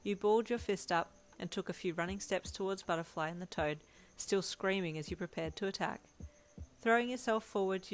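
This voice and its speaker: A woman reading a second-person fanfiction story aloud at a steady, even pace. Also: lowish voice. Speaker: fanfiction reader.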